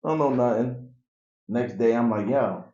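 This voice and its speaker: A man telling his life story in a casual interview, animated and acting out the people in it. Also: mid-range voice, moderate pace. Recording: echoey, dull room recording.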